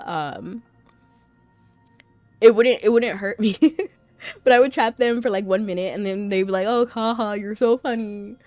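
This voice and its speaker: A woman's voice: medium pitch, a little mellow, no room sound. Giggly young woman chatting while gaming. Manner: chatty, giggles often between remarks. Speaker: game streamer. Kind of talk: casual gameplay chat.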